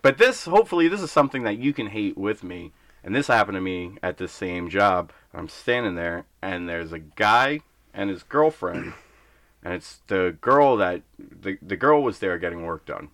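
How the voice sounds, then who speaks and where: A man's voice: low voice, lively intonation, normal speed, fairly bright tone. A young man co-hosting a casual podcast, bluntly ranting about his job and breaking into acted-out voices. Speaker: podcast co-host.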